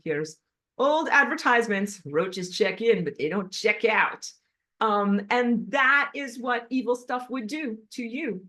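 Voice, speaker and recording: Her voice is medium-pitched and a bit bright as this spiritual teacher lectures with passion from a treadmill. She's blunt, emphatic and agitated throughout.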